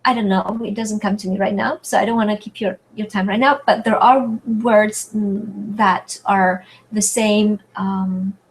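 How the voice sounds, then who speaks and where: A woman's voice: mid-range voice, fairly even intonation, unhurried, few pauses, poor audio. A woman with a French accent teaching pronunciation on a live video-call webinar, hesitant and searching for words with many fillers. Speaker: French tutor hosting a webinar. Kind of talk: live online Q&A lesson. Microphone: computer mic on a video call.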